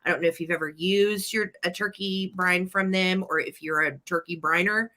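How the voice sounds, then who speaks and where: A woman hosting a live vintage sale stream, chatting enthusiastically as she pitches each item. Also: steady tone, normal speed, sharp tone. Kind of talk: live-stream sales chat.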